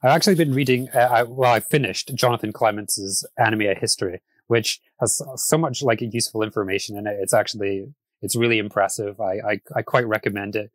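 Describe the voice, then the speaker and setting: Man, podcast host, casual chat, fairly low voice, dry close mic, laughs often. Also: steady tone, a little fast, dry recording. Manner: chatty, laughs often, frequent restarts.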